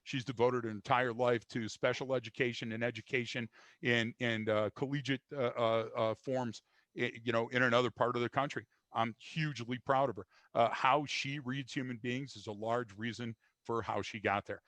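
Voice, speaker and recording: A man's voice: medium pitch, steady tone, moderate pace, a bit bright, no room sound. Blunt older man with a dry sound. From United States. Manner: blunt, emphatic, frequent restarts and fillers. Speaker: guest. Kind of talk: conversational interview.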